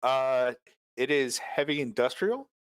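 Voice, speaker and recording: A man's voice: medium pitch, animated, a little slow, clear, resonant tone, dry recording. A man narrating a tabletop game as game master, hesitant and full of filler sounds.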